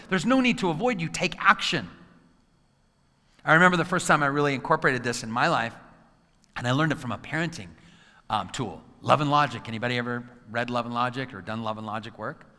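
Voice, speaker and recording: A man in his forties delivers a motivational talk to a live crowd, acting out quotes and throwing questions at the room. His voice is bright and forceful. It rings out with a long hall reverb behind it. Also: mid-range voice, a little fast. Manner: animated storyteller who acts out quotes, asks the crowd questions. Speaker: motivational speaker.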